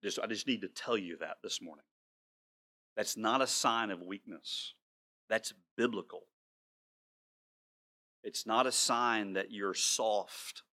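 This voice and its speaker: Male pastor preaching, earnest, slows down to hit the big words, repeats himself a bit. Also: on the low side, pushed and bright. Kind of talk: sermon.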